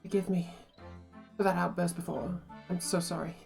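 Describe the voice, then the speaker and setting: A woman's voice: lowish voice, flat delivery, moderate pace, vocal fry, darkish tone, soft background music, pitched below the performer's own voice. A woman voicing a shaky, fearful young male foreign student held as a prisoner, speaking in a British accent with trembling, flowery phrasing. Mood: apologetic. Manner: trembling, paranoid, florid.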